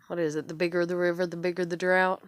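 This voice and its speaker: A woman's voice: on the low side, fairly bright tone, clean tone, no echo, clean studio sound. A woman in her thirties telling her own story in a rambling vlog, swearing often, with plenty of fillers and restarts. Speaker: vlogger. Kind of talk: casual personal storytelling.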